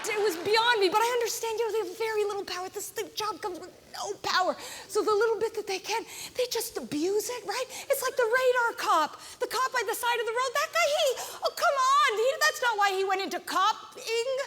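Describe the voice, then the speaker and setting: Middle-aged woman comic, very high voice, ranting stand-up set on a festival stage, echoing hall. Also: brisk. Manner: animated, ranting, mimics voices. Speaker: stand-up comedian. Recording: live hall with reverb and audience noise.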